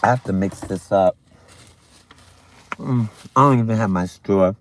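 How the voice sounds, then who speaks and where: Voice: low voice, unhurried, noisy background. A livestream host chatting casually with viewers during a morning stream, eating breakfast while talking, with sassy, playful asides. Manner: chatty, talks to viewers between bites of breakfast.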